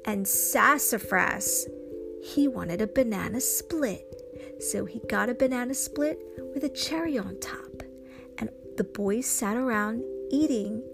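A woman telling an improvised children's story slowly and expressively, with sound effects and gasps. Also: a little high. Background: music.

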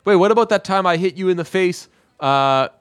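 Brief: man voicing a teasing, doting woman; voice pushed up somewhat higher. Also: a little fast, clean tone, lightly acted. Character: bossy affectionate woman doting on a nephew.

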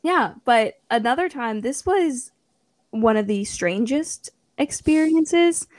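Young woman, animated raconteur, bright higher voice, dry recording. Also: slow, no echo. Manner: animated storytelling, acts out quotes, laughs often. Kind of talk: casual chat.

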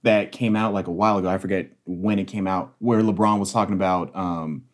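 A man's voice: low-pitched, steady tone. Man, casual sports chat, reflective, careful points. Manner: thoughtful, builds his points slowly.

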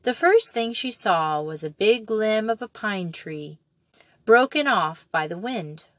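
A woman reading a children's novel aloud as an audiobook narrator, in a measured and expressive way. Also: mid-range voice, no room sound.

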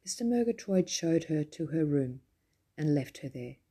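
A woman reads a children's story aloud, gentle and expressive. Her voice is somewhat low and husky, and her tone is mellow rather than bright. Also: moderate pace. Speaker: narrator.

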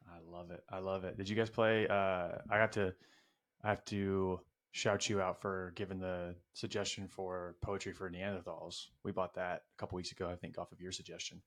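A man hosts a casual podcast in a low-ish voice. He keeps things loose and upbeat, joking with his guest. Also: level tone, moderate pace. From Arkansas. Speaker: podcast host.

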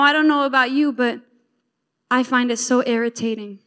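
A woman delivers a sermon in a high voice. She builds her points through emphatic repetition and retells the story with lively asides to her listeners. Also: normal speed. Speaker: preacher.

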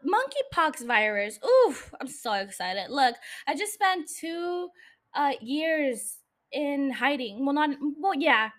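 Woman podcaster, high voice, blunt and sarcastic, lots of swearing, solo mic rant. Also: fairly bright tone. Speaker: podcast host. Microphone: studio microphone.

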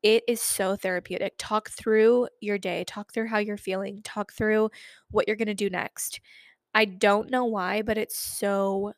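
A woman's voice: mid-range voice, level tone, unhurried, no room sound, studio quality. A young woman in her twenties hosting a solo podcast, talking in a chatty, rambling way with lots of fillers. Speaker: podcast host.

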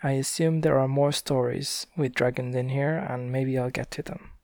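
A man reading a storybook aloud in a gentle, unhurried way, with small self-corrections. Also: mid-range voice, steady tone, vocal fry, no echo, clean studio sound. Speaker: reader.

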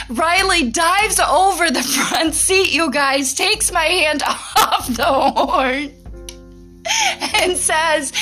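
Giggly high-voiced woman podcaster. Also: slow, bright, forceful tone, soft background music. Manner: giggly, laughs often, swears casually. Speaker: podcast host. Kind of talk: casual storytelling monologue.

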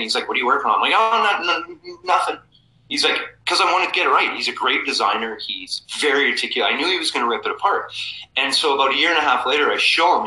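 A man in his forties with a very bright, sharp voice tells stories in a casual interview. He acts out the people he quotes with lively swings in his voice. The room around him sounds echoey. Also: medium pitch. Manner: animated anecdotes, acting out quoted people. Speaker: guest, cofounder of a map company.

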